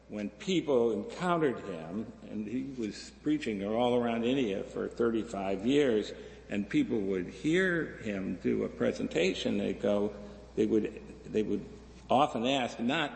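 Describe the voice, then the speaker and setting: A low, gravelly man preaches slowly and thoughtfully, drawing out his words and brightening his voice when he voices characters from his stories. The sound comes from a large echoing hall with a long reverb tail and faint ambient noise. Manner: slow and reflective, with lively voices for quoted figures. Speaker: minister. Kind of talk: sermon. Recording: echoey hall, slightly distant.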